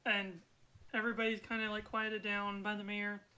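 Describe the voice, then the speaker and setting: A woman running a tabletop game as game master, narrating in a relaxed, chatty way. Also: medium pitch, normal speed, poor audio.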